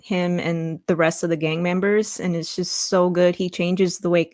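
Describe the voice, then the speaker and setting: A woman with a low-pitched voice speaks on a casual livestream as a guest. She is enthusiastic and blunt about her opinions, and her voice sounds close and dry. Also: little pitch movement, normal speed, darkish tone, dry recording. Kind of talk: casual chat.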